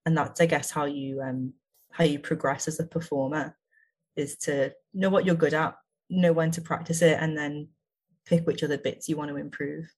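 A woman with a low voice and a husky edge talks casually as a guest. She chats eagerly about performing, laughing easily as she goes. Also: fairly even intonation, normal speed, a little mellow. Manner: chatty and enthusiastic, laughs often. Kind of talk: casual chat.

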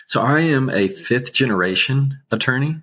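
A man speaking as an interview guest, an attorney, with a calm, soothing low voice and slow, measured delivery. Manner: slow, measured, unhurried speech. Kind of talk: casual interview talk.

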